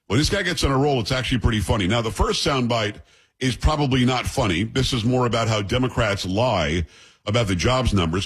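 A man talks in a husky, mid-pitched voice. He comments on politics bluntly and with scorn, as the host of his own show. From New York.

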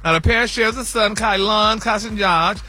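A man's voice: high voice, moderate pace, sharp tone, soft background music. A man reading celebrity news on a radio morning show in a flamboyant, sing-song way, full of "y'all" and "honey".

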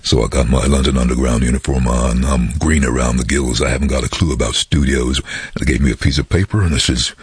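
Man, very deep, husky, lively storyteller, voice-over artist, dry sound. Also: quick pace, dry recording. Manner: animated, acts out voices in anecdotes. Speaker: voice-over artist and former train driver. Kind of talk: interview storytelling.

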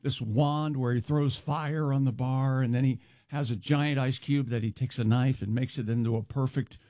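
A man's voice: mid-range voice, fairly even intonation, normal speed, mellow, no room sound, clean studio sound. A man co-hosting a casual talk show, chatty and teasing. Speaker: show co-host. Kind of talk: casual banter.

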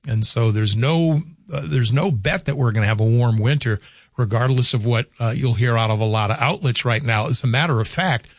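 An older man hosting a call-in radio show in a loose, rambling way, often thinking out loud mid-sentence. His voice sits at an everyday pitch and sounds dry and close, with no room around it. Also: no echo. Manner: rambling, conversational, thinks aloud. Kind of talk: casual call-in radio talk.

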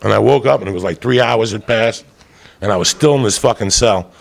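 A middle-aged man telling a profane, rowdy stand-up story, loud and rambunctious, with a gravelly voice. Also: fairly quick. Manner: loud, profane, rambunctious, swings into high shouts. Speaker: stand-up comedian. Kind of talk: stand-up storytelling to a live audience.

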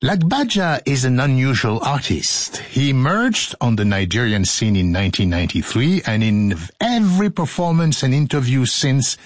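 A man's voice: mid-range voice, no echo. A man hosting a radio show in a studio, joking and laughing through outtakes and stories, sometimes slipping into a sing-song voice. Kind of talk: playful studio banter and storytelling.

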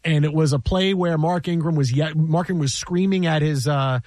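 A man who works in sports broadcasting tells a story in casual chat, exasperated, repeating himself and acting out what people said. His voice is on the high side, brisk and a little mellow, and the recording is dry.

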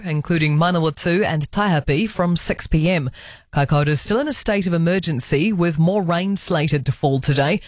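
A woman with a New Zealand accent reading a scripted radio news bulletin in a brisk, even way. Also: deep voice, no room sound, studio quality. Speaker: news reader.

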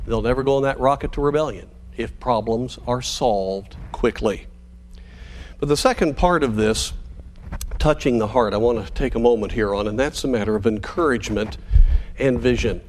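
An earnest man preaching a sermon at a steady, middle pitch. He slows down on the phrases he wants to stress. A faint room hiss sits under his voice. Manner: earnest, measured preaching with slowed emphatic phrases. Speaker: pastor.

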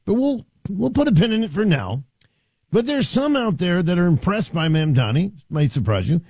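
A man hosting talk radio, his husky voice pitched high and swinging widely as he mocks and riffs. He is close on a studio mic in a dry, dead room, sounding sarcastic and conversational. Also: big pitch swings, moderate pace, a little mellow, no room sound. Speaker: radio talk show host. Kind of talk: opinionated talk radio monologue.

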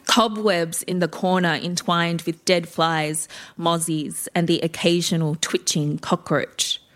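A woman reading her own personal story in a lively, wry way. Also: fairly low pitch, measured pace.

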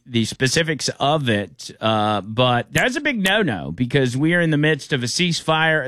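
A man's voice: on the high side, a bit bright, no echo, clean studio sound. A man hosting a casual radio talk show, rambling with frequent restarts.

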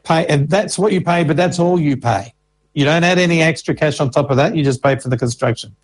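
A man who works as a Services Australia financial information officer patiently answers interview questions, walking through examples step by step. His voice is a little high and a little fast, and the recording quality is low.

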